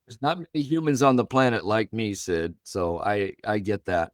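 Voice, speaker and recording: A man in his seventies, a guest in a storytelling interview, animatedly tells stories and acts out quoted dialogue. He has a lowish voice at normal speed, recorded dry with studio quality.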